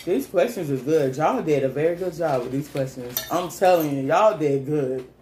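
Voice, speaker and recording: Lively, teasing woman with bouncing pitch. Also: moderate pace. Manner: teasing, lively, laughs a lot. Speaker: mukbang host. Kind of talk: casual chat while eating. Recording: echoey room with faint noise.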